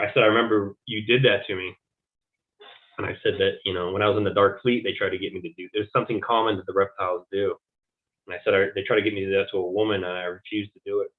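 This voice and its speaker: Low-voiced man on a tinny line. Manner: halting, many fillers and restarts. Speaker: interview guest. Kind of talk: conversational recounting of personal experiences. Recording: tinny phone-like audio.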